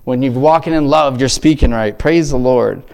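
A man's voice: medium pitch, normal speed, creaky, darkish tone, smooth. A man giving an informal devotional talk to a church group. He rambles, breaks off mid-sentence and keeps exclaiming praise. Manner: rambling, self-interrupting, exclamatory. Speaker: lay church speaker.

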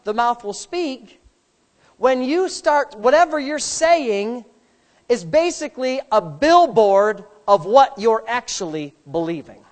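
A woman preaching a sermon, emphatic and repetitive, building to forceful peaks as she drives her point home. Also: fairly high pitch, sing-song, takes it slowly.

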